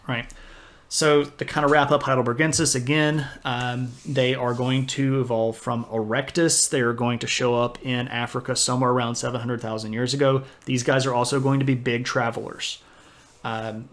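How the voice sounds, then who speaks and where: A man teaching history on a livestream in an easygoing, rambling way. He wanders off into little self-deprecating asides before steering back to the point. His voice sits at an ordinary middle pitch. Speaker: history streamer lecturing. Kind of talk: casual livestream lecture.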